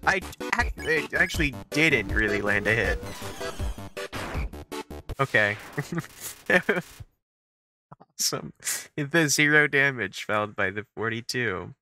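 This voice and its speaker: A man streams a video game live at his computer, talking casually and joking as he plays. He reads the on-screen text aloud along the way, with loud game music running behind him. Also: medium pitch, lively intonation, slow pace, pauses often. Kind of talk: live gameplay commentary.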